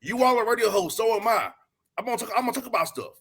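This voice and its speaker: A man's voice: very high-pitched, very animated, rapid-fire, fairly bright tone, slightly rough. A man from Atlanta, a podcast host talking as a guest in a casual chat, blunt and emphatic, with streetwise slang. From Atlanta, Georgia, US.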